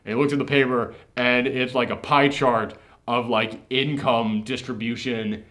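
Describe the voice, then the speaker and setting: A man's voice: mid-range voice, fairly even intonation, moderate pace, fairly bright tone. A man hosting a casual movie reaction chat, retelling scenes with animation and acting out the characters' lines. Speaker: podcast host.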